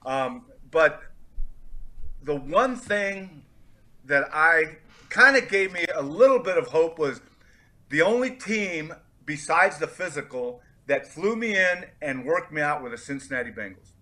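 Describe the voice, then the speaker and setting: A man's voice: a little high, unhurried. A middle-aged man from California, a former football player telling stories as a podcast guest and acting out the people he quotes. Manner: animated storyteller, acts out quoted voices. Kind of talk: storytelling in a podcast interview.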